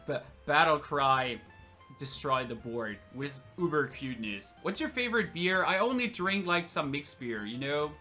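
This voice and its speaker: A young German streamer with a German accent and a fairly high, sharp voice answers viewer questions in a casual livestream Q&A. He keeps it chatty and jokey, laughing frequently.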